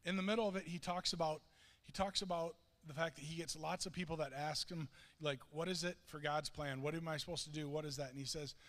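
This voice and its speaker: A man's voice: fairly high pitch, steady tone, quick pace, fairly bright tone. A man preaching a sermon, telling a story earnestly with frequent restarts. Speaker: pastor. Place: church sanctuary. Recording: long reverb of a church hall.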